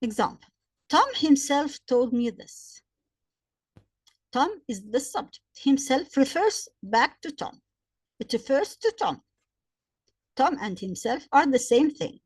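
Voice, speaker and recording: A woman gives a grammar lesson with a fairly high voice. She works through example sentences slowly and repeats each point, and her voice sounds dry and close, with little room around it. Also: big pitch swings, husky, no room sound. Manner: slow, repetitive explaining with examples. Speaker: English grammar teacher.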